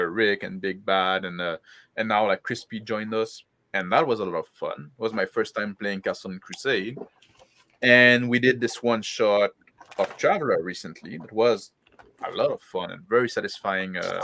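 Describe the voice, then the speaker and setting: A man's voice: on the low side, sharp tone. A man who runs tabletop games, chatting casually on a stream, rambling with fillers. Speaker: game master. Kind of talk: casual group chat on a stream.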